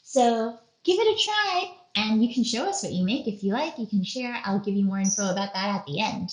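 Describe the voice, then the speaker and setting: A woman's voice: medium pitch, expressive, a little fast, reverberant, low-quality recording. A woman leading a playful art lesson for children, acting out faces and little voices as she goes. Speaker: museum educator.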